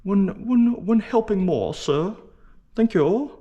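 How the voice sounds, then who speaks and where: A man's voice: sits high, very animated, takes it slowly, creaky, highs cut off, voice pushed up, heavily acted. A man voicing a polite hungry orphan boy who begs for more, in a prim put-on accent. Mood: prim, begging.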